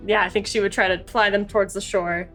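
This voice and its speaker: Relaxed woman playing a tabletop game. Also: medium pitch, fast, faint music behind. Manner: relaxed, conversational, mixes in-character lines with narration. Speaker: player. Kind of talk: tabletop role-play.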